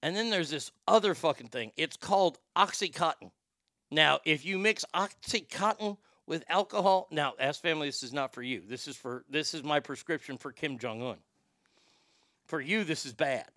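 Male host, profane rambling comic rant, tense bright voice, dry close sound. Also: a little high, normal speed, dry recording. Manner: crude, rambling, stammers and repeats words. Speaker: show host.

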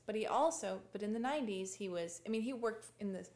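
A woman's voice: mid-range voice, fast, darkish tone. Rambling woman telling a story in an echoey room. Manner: rambling storyteller, restarts and laughs. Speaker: podcast guest. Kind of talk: casual chat. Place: a home.

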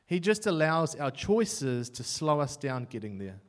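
A young man with a New Zealand accent preaching a sermon, telling his own story with self-mocking humour and swinging between loud and hushed as he voices his thoughts. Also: a little high, sing-song, unhurried.

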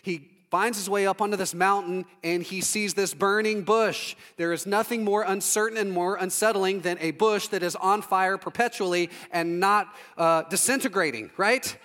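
High-voiced male preacher in a reverberant hall. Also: normal speed, hardly any pauses. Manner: conversational and humorous, with lively acted-out asides. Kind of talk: storytelling sermon.

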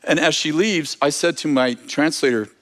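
A man preaching, telling a long anecdote in a lively, animated way with frequent restarts and self-corrections. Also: fairly high pitch, normal speed. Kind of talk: storytelling sermon.

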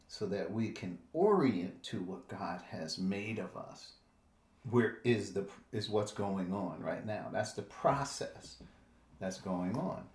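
A man's voice: lowish voice, a little mellow, reverberant. A man teaching a Bible study in a conversational way, often repeating words and checking in with "right?".

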